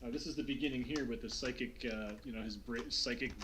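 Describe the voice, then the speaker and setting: A man's voice: mid-range voice, quick pace. A man hosting a streamed tabletop game, chatting loosely with many fillers and restarts before the recap. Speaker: game master. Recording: noisy online call with keyboard clicks.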